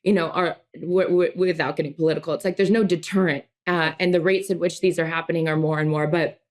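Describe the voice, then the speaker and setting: This thirty-something podcast co-host talks fast in a lowish voice with fairly even intonation. Chatting casually, she gets emotional, wanders, and restarts again and again.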